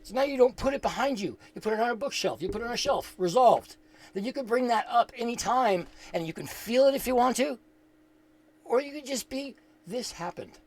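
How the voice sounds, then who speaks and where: A man's voice: very high voice, expressive, brisk. A man giving a casual spiritual talk, earnest and reflective, who rambles, thinks aloud and repeats words as he goes. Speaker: spiritual teacher.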